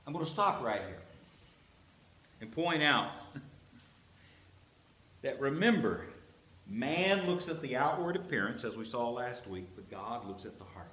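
Animated preacher in a roomy hall. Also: male voice, mid-range voice, measured pace, long pauses. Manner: animated storytelling, acts out quoted characters. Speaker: pastor. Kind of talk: sermon. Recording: roomy echo.

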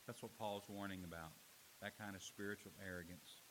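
A man's voice: low-pitched, fairly even intonation, brisk, a bit bright, slight background noise, rough recording. A man preaching a sermon as pastor, telling stories and building to emphatic warnings. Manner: storytelling preacher, rising to emphatic exhortation.

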